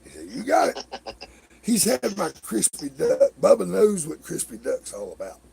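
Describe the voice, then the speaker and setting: A middle-aged man hosting a livestream, telling rambling stories in a casual, animated way, swearing and laughing as he acts out other people's lines. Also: high-pitched, unhurried, creaky. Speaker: livestream host. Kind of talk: casual storytelling chat.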